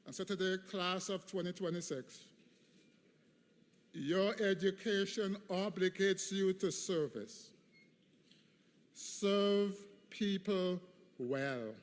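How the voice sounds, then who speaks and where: A man's voice: high-pitched, takes it slowly, long pauses. A man in his fifties giving a preached commencement address in a large hall, emphatic, with rhythmic repetition. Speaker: commencement speaker. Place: large hall at a graduation ceremony. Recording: long hall reverb.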